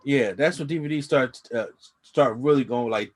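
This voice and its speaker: A man's voice: mid-range voice, moderate pace. A man co-hosting a casual review chat, rambling with slang and frequent restarts. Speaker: co-host reviewing a TV episode.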